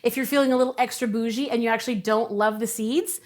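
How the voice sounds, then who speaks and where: A woman's voice: a little high, fairly even intonation, fast talker. A young adult woman hosting a cooking show, chatting casually and giggling as she assembles a dessert. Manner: chatty, bubbly, giggles often.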